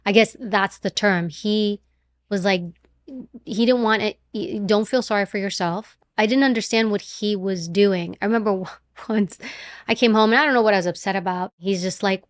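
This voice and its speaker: Animated woman telling a story. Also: mid-range voice, moderate pace, no room sound. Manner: animated, acts out quotes. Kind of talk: casual interview storytelling.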